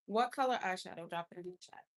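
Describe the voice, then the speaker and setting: A woman's voice: lowish voice, fast. A young woman doing a casual makeup livestream from her car, talking effusively with viewers and reacting to gifts. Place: inside a car.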